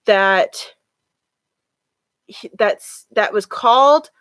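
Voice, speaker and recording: A woman talking casually on a live stream while she reads tarot cards. She is chatty and loose, with "like" dropped all through her speech. Her voice is mid-pitched and sounds dry and close, with no room echo. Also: drawn-out words, fairly bright tone. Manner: chatty, with many "like" fillers.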